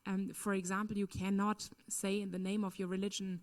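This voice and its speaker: A woman's voice: medium pitch, level tone, a little fast, hardly any pauses. A woman speaking at a conference, answering a question in an earnest, emphatic way with frequent "um" and "you know". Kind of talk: lecture Q&A answer.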